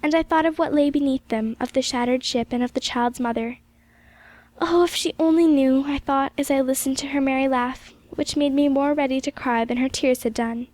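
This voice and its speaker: A woman reading a classic novel aloud as an audiobook, in gentle, measured storytelling narration. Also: sits high, steady tone. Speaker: audiobook reader.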